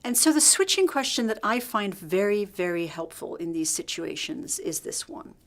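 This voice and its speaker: A middle-aged woman teaching leadership through a hospital story, telling it in a lively way and acting out the dialogue. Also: medium pitch, moderate pace. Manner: lively, acts out quoted dialogue. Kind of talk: storytelling workshop talk.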